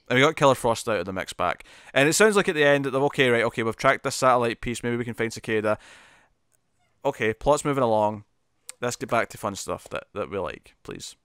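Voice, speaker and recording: A man's voice: medium pitch, sing-song, fairly quick, fairly bright tone, clear, resonant tone, no room sound, studio quality. A man co-hosting a podcast and chatting casually about TV episodes, speaking with lots of restarts, repeated words and fillers. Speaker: podcast co-host. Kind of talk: casual chat reviewing TV episodes.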